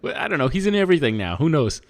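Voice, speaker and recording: Canadian male co-host, animated and jokey, quick to laugh, lots of pitch movement. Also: vocal fry. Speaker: podcast co-host. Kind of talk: casual podcast chat.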